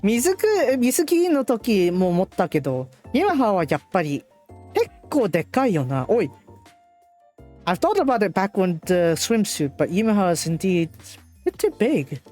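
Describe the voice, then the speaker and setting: A woman streamer reading and translating a visual novel live in a playful, animated way. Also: mid-range voice, fairly quick, soft background music. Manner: playful, animated, laughs often.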